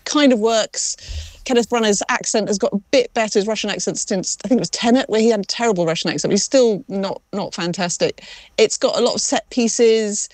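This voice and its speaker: A woman's voice: mid-range voice, brisk, dry recording. A woman reviewing films in a chatty, wry manner, acting out audience reactions. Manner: chatty, wry, animated storytelling. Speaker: film critic. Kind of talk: conversational film review.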